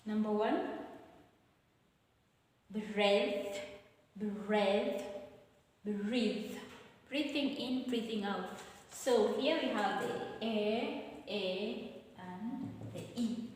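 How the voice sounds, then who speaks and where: A woman with a Kenyan accent, teaching an exam revision lesson and explaining each point slowly and with repetition. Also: mid-range voice, darkish tone. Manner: slow, deliberate explaining with repetition. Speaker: English teacher. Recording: very echoey room with long reverb.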